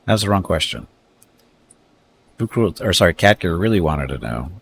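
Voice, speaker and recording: Brief: male game streamer, extremely low voice, relaxed chat with viewers. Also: normal speed, gravelly, a little hiss or hum. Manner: reads unit stats aloud, chats with viewers. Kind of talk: casual live-stream commentary.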